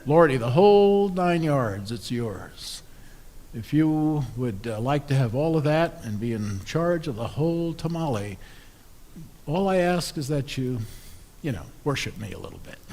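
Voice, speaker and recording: A preacher voicing the devil as a breezy, bargaining tempter in a sermon story. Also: male voice, very animated, unhurried, dark tone. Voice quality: breezy, wheedling salesman pitch.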